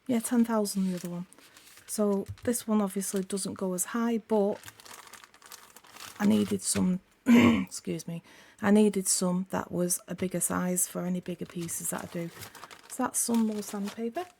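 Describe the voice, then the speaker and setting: A woman with a sore, croaky throat, chatting casually as she unboxes craft supplies for her channel, rambling and correcting herself as she goes. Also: mid-range voice, fairly even intonation, a little slow, mellow, a little hiss or hum.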